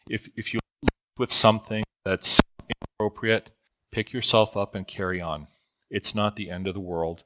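A man's voice: sits low, pushed and bright. A man in his fifties preaching a sermon in a reflective, conversational way, sometimes correcting himself mid-sentence.

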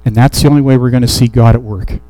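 A man delivering a sermon in a mellow, relaxed voice, reading scripture aloud and then unpacking it in an easygoing, conversational way. The sound is dry and close, with no room around it. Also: medium pitch, fast talker, dry recording, rough recording. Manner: conversational Bible teaching with restarts and fillers. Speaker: preacher.

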